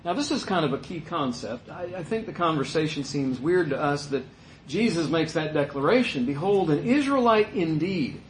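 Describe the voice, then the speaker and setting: A man's voice: a little high, lively intonation, moderate pace, roomy sound, a little hiss or hum. A man teaching through a Bible passage in a conversational way, with asides and fillers as he explains. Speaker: pastor.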